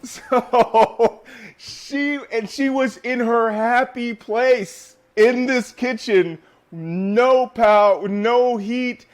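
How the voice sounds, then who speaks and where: A man guest in a casual interview, telling lively stories and laughing often. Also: very high voice, takes it slowly. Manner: animated storyteller, laughs often.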